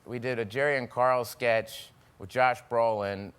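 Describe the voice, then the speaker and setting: A man, a talk show guest, telling animated anecdotes with frequent laughter in casual chat. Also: mid-range voice, unhurried, slight background noise. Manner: animated storyteller, laughing often, slips into acted voices.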